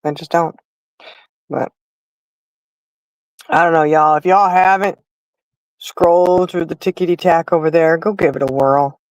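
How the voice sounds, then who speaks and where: A woman's voice: sits low, steady tone, a little slow, pauses often, no room sound, poor audio. A middle-aged woman hosting a livestream and chatting casually, telling stories straight to her viewers. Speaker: livestream host. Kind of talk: casual chat.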